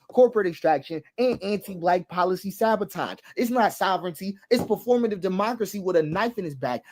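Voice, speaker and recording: A man's voice: high-pitched, a little mellow. A man hosting an online show, delivering impassioned political commentary with emphatic repetition and long lists. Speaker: commentary host.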